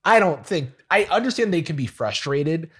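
A man's voice: a little high, big pitch swings, moderate pace, a bit bright, breathy edge. A man co-hosting a podcast, reading a listener's email aloud and breaking off to laugh and comment. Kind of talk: casual chat, reading a letter aloud.

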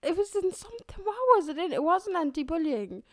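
A woman's voice: very high-pitched, sing-song, a little fast, no room sound. A young woman co-hosting a podcast, chatting casually, hesitant and full of likes and giggles. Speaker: podcast co-host. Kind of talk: casual chat.

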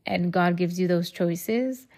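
A woman's voice: lowish voice, slow pace, darkish tone. A woman hosting her own podcast, talking candidly and rambling, swearing freely and calling her listeners y'all. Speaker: podcast host. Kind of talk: casual solo podcast monologue.

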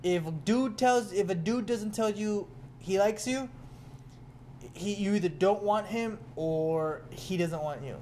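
A young man in casual chat, telling animated stories and swearing freely. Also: high-pitched, measured pace, slight background noise. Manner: animated storytelling, heavy swearing.

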